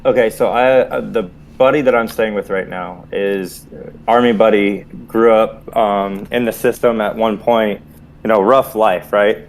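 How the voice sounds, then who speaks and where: A man with a fairly low voice talks openly about his own experience in a relaxed chat among veterans. He speaks in a reflective, storytelling way. A faint background noise runs under his voice. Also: a little slow. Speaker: podcast co-host, Army veteran. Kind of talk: casual group chat.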